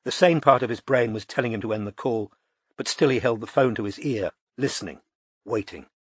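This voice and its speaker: Male audiobook narrator, measured, husky, dry close recording. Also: mid-range voice, no echo. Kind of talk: scripted narration.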